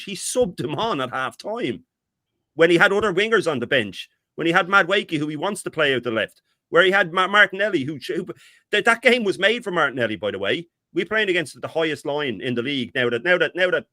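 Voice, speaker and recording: A middle-aged man co-hosting a fan talk stream, ranting in an animated, exasperated way. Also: on the high side, fairly quick, dry recording, studio quality. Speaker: co-host.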